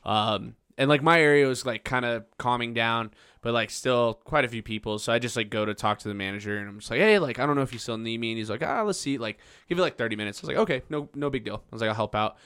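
A man in his twenties, a podcast host, telling a story casually, laughing and loudly acting out what people said. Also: medium pitch, fast talker, few pauses, smooth, no room sound, studio quality. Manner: animated, laughing, acts out quotes loudly.

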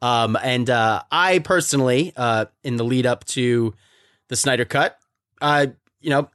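A man's voice: mid-range voice, no room sound, studio quality. A man hosting a podcast, chatting casually and animatedly, laughing often and sometimes reading from notes. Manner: animated, quick to laugh, then reads notes. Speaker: podcast host. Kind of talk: casual chat. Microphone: close studio mic.

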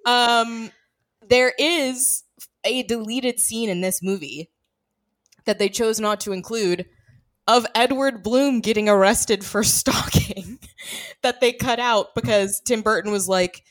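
A woman's voice: a little high, slow. A woman co-hosting a movie podcast, chatting casually and animatedly, often slipping into movie quotes. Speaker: podcast co-host. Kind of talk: casual chat.

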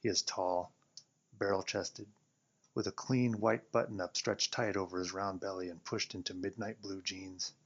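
A man's voice: sits low, steady tone, normal speed. A man reading a first-person story aloud in a wry, sardonic narrating manner, on a dull lo-fi recording.

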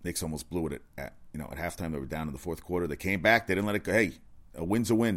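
A man giving a casual, rambling sports rant, excitable and profane, often correcting himself. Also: low voice, racing. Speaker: sports commentator.

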